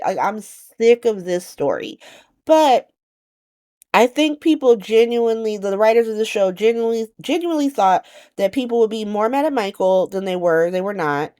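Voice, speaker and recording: Chatty woman ranting through a recap. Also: medium pitch. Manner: animated, profane, acts out characters' lines. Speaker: soap opera recap vlogger. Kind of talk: casual recap rant.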